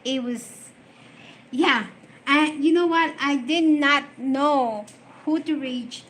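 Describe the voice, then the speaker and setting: A woman's voice: high-pitched, slow pace, a bit bright. A middle-aged woman chatting casually on a live stream, emotional and rambling as she answers viewer comments.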